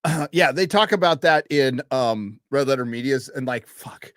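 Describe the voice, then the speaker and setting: A man co-hosting a casual chat, animated and quick to laugh. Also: mid-range voice, no echo, clean studio sound. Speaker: podcast co-host.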